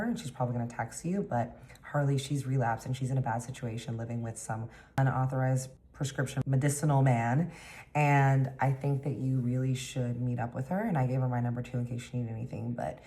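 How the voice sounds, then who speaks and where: A woman's voice: rumbling low, mellow. A woman telling a long personal story casually, acting out the dialogue and saying "like" a lot. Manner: chatty, acts out dialogue with lots of "like". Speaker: storytime vlogger.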